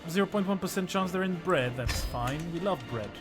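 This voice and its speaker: Man, game streamer, lively swings in pitch, slightly high voice, joking, chatty with viewers, music in the background. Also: moderate pace. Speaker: historian streaming a strategy game. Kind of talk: casual livestream commentary.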